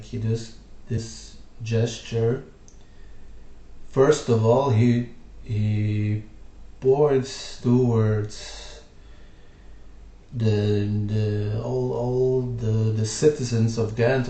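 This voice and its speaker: Slow-talking man explaining history. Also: lowish voice, mellow. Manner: rambling, lots of fillers. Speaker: video host. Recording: roomy echo.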